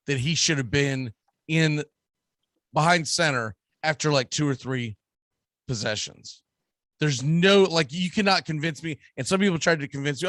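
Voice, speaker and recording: Brief: Southern US male radio host, animated and opinionated, dry studio. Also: a little high, no room sound. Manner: emphatic, animated, ranting. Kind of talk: casual sports talk.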